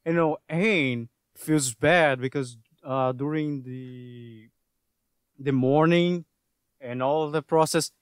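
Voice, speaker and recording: Man, podcast co-host, slow, emotional, halting, fillers, dry sound. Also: a little high, clean tone, no room sound. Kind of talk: casual chat.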